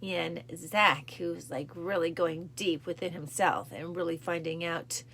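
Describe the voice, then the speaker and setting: A woman's voice: steady tone, unhurried, a bit bright, slight background noise. A woman hosting a cancer support show, chatting casually and emotionally to her viewers, repeating phrases and acting out scenes. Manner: emotional, repeats phrases, acts out film lines with rising pitch. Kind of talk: casual talk to camera.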